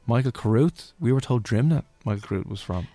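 A man's voice: mid-range voice, lively intonation, brisk, mellow, no room sound. A young Irish man with a Dublin accent, hosting a radio show in casual, jokey, rambling chat. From Ireland. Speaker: radio host.

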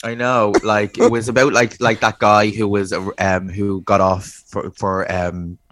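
A young Irish man, a drag performer co-hosting a podcast, telling lively stories in casual chat and acting out what people said. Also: fairly low pitch, measured pace, dry recording. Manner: animated storyteller, acts out quotes, laughs often.

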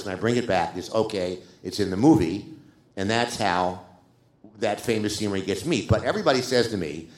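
Older guy spinning movie stories on stage, lowish voice, roomy theater sound. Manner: animated storyteller, acts out quotes. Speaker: screenwriter guest. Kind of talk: live stage interview anecdote.

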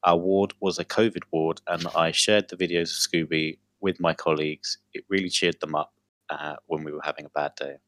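A man's voice: low voice, steady tone, normal speed, no echo. A young man co-hosting a podcast, reading a funny news story aloud in casual chat and often breaking into laughter. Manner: giggly, breaks into loud laughter while reading. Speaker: podcast co-host.

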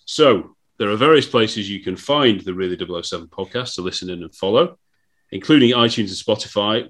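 Male podcast host, casual, chatty, stumbles and restarts. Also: on the low side.

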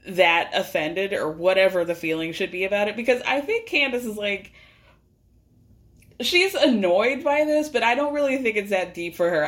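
A woman hosting a podcast, giving a chatty, animated recap of a reality show in casual, rambling speech. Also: mid-range voice. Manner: chatty, animated, peppered with "like" and laughter. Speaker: podcast host. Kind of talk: casual pop culture recap monologue.

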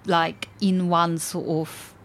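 A woman from Eastern Europe hosting an interview, talking thoughtfully with many pauses, fillers and restarts. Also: on the low side, little pitch movement, a little hiss or hum. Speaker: podcast host. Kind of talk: conversational interview.

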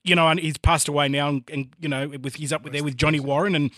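Aussie bloke rattling off old memories fast, rambly. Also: male voice, a little high, steady tone, fairly bright tone, no echo, clean studio sound. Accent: Australian. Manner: rambling, reminiscing. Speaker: podcast panelist. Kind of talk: casual sports chat.

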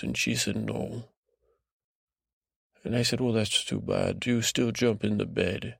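A podcast host makes up a rambling bedtime story in the first person, speaking slowly and sleepily in a lulling way with a put-on, vaguely Scottish lilt. He often stalls, restarts, and repeats words. His low voice is gravelly and husky with big pitch swings, recorded in studio quality with no room sound.

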